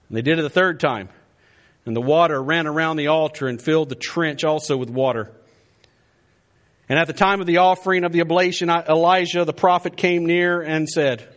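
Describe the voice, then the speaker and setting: A man's voice: a little high, brisk, fairly bright tone. A man preaching a sermon, reading scripture aloud with dramatic delivery, acting out the quotes and breaking off for amused asides.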